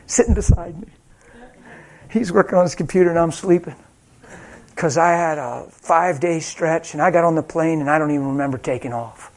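A man's voice: on the high side, brisk. A man preaching a sermon, telling personal stories in a conversational way with frequent laughter, then leading a healing prayer. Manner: conversational storytelling, laughs often.

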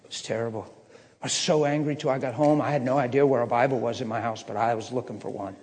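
A middle-aged man preaching a personal testimony, swinging from low muttering to impassioned shouting. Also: fairly even intonation, quick pace. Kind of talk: sermon testimony storytelling. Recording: echoey hall reverb.

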